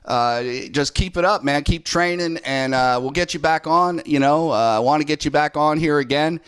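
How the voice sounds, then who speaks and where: A man's voice: on the high side, fairly even intonation, normal speed, fairly bright tone, clean tone. A man hosting a casual interview, talking in a rambling way with lots of fillers. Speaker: podcast host. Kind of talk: casual chat.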